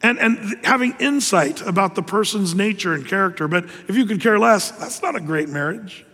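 A man preaching a sermon in an earnest, conversational way, with pauses and restarts. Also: high voice, lively intonation, fairly bright tone, slightly rough, long reverb tail. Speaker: pastor.

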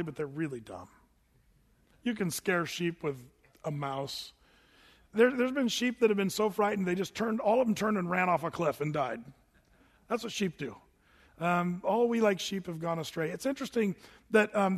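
A man in his sixties gives a sermon as a pastor, talking to the congregation in a loose, conversational way and now and then mimicking other people's voices. His voice sits high for a man. The sound rings with the long reverb of a big hall. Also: normal speed. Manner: conversational preaching, animated, mimics voices for effect.

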